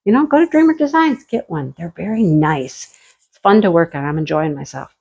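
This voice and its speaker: A woman's voice: lowish voice, expressive, a little fast, creaky, darkish tone, slightly rough. Chatty woman vlogging outdoors, lo-fi. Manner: chatty, rambling, easily distracted. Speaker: crafting channel host. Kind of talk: casual chat.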